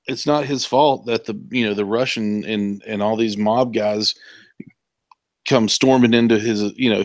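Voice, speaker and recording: A man's voice: lowish voice, dry recording. Rambling man with a dry close sound. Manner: rambling, many fillers and restarts. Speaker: podcast co-host. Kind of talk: casual chat.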